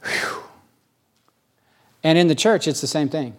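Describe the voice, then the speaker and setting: This middle-aged pastor delivers his sermon in a raised register, leaning hard on key phrases and slowing to emphasize them. He stays animated throughout, climbing into high, questioning bursts.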